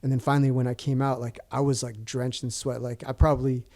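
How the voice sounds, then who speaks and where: A man's voice: medium pitch, level tone, quick pace, darkish tone. A man in his forties, a podcast guest telling a story in casual chat, rambling with restarts and fillers.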